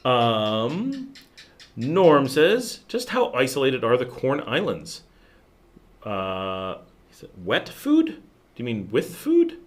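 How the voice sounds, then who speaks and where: A man's voice: medium pitch, huge pitch swings, takes it slowly. An American man hosting a casual livestream, answering viewer questions in a rambling, chatty way with many restarts. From United States. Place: home in Nicaragua.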